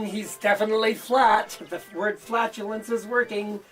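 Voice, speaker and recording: A man teaching a children's magic routine as a demonstration. He is animated and playful, with frequent mock-surprised "oh, oh" and "uh-oh" exclamations, and talks as if to children. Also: sits high, unhurried, few pauses, distant mic, soft background music.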